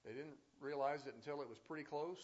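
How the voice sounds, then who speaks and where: A man's voice: fairly high pitch, fast talker, a little mellow. A man preaching a sermon who reads scripture aloud and then comments on it with rising intensity. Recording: slightly dull, lo-fi sound.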